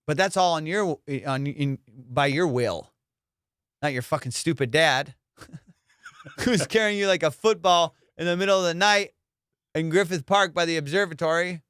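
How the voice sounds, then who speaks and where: A man hosts a casual comedy podcast, telling stories with swearing and lots of energy. His voice sits a touch high for a man and comes across smooth and clear. The sound is dry and close. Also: a little slow, no room sound. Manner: profane, animated storytelling with laughs.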